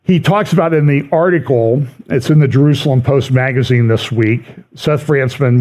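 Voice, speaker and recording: A middle-aged man speaks to his congregation in an easygoing, conversational way, reading quotations aloud and adding wry asides. His voice sits at an ordinary middle pitch. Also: moderate pace, few pauses, darkish tone. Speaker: prophecy teacher at a church. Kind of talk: church prophecy update talk.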